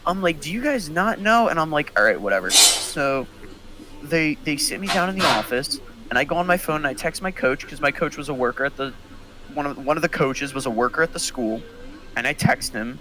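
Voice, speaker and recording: A young man, a podcast co-host, telling a story in casual chat and acting out the quotes with big jumps in pitch. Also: fairly quick, low-quality recording.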